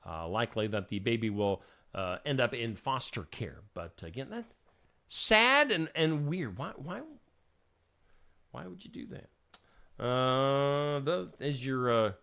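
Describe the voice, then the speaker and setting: A man's voice: on the high side, pushed and bright. A man hosting a morning radio show, reading odd news stories with joking asides in a chatty, casual manner.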